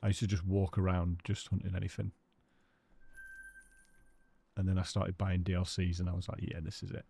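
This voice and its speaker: A man's voice: low voice, completely flat delivery, moderate pace, creaky, long pauses, warm tone, slight background noise. A British man live-streaming a hunting game, chatting casually with his viewers and greeting them by name.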